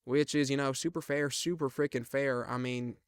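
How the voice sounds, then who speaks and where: A man's voice: medium pitch, steady tone, moderate pace, clear, resonant tone, dry recording, studio quality. A young man in his twenties hosting a comedic podcast solo, rambling and joking in a self-mocking way with lots of asides. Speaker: podcast host.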